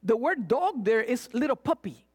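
A woman preaching a sermon, retelling scripture with animated asides and acted-out cries. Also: on the high side, moderate pace, slightly rough. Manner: animated, acts out voices and cries.

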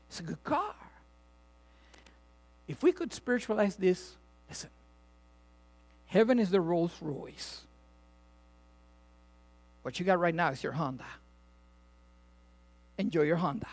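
Brief: middle-aged male pastor, animated storyteller, pitch swinging all over, laughs through his sermon. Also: unhurried, long pauses. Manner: animated storyteller, laughs often, acts out voices. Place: church or venue with audience, also filmed.

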